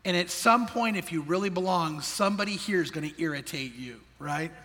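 A man's voice: on the high side, brisk, bright, forceful tone, big-room sound. A male pastor preaching a sermon in earnest, putting questions to his congregation. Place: church sanctuary.

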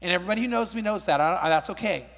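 High-voiced older man preaching in a hall. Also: racing, creaky, a bit bright. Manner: storytelling, emphatic, repeats words. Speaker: pastor. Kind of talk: sermon. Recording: reverberant hall.

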